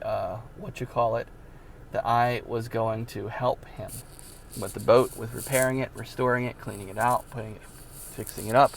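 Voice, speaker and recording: Gravelly-voiced man rambling through a story. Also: medium pitch, a little hiss or hum. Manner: rambling, many fillers and repeats, bursts of disbelief. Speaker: vlogger telling his life story. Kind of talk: casual personal storytelling.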